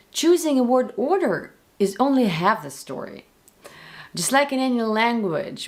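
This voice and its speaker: A woman with a Russian accent, a native Russian speaker, teaching the language to viewers slowly and clearly, with playful spoken examples. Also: medium pitch. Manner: slow, clear, playful demonstrations. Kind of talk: explaining to viewers.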